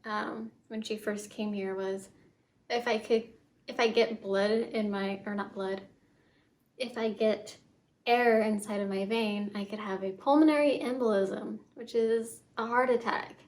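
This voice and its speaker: A young woman telling her own story in a vlog, soft and halting, with many fillers and restarts. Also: medium pitch, steady tone. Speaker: vlogger.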